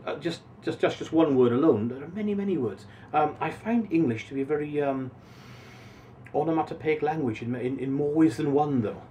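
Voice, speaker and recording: A man's voice: a little high, a little fast. A male voice actor answering interview questions casually, lingering expressively over single words. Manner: expressive, savoring individual words. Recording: voice a bit distant from mic, faint noise.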